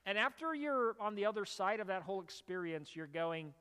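High-voiced pastor preaching in an echoing hall. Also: male voice, brisk, hardly any pauses, smooth. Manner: animated storytelling, rising to loud emphatic bursts. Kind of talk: sermon. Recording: reverberant hall.

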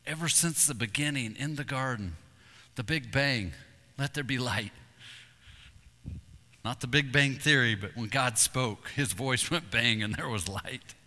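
A man preaching a sermon, telling hunting stories with animated delivery and acting out calls and voices. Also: mid-range voice, a little slow. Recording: long reverb in a hall.

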